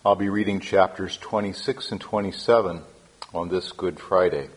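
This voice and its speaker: A man giving a slow, measured, reverent reading of scripture aloud. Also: deep voice, fairly even intonation, breathy edge, poor audio. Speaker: scripture reader.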